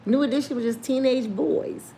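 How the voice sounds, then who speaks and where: A woman in her fifties telling a casual story, animated and laughing often as she acts out the people in it. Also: sits high, normal speed, vocal fry, a little hiss or hum. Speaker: storyteller host.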